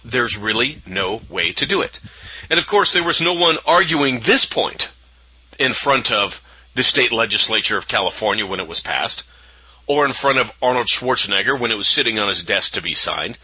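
Male talk radio host, emphatic and lecturing, husky voice, dry, lo-fi broadcast sound. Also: mid-range voice, no echo. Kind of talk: opinion talk radio monologue.

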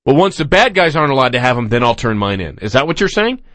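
A man's voice: medium pitch, sing-song, fast, a bit bright, dry recording. A man hosting a talk radio show, delivering mocking, indignant commentary.

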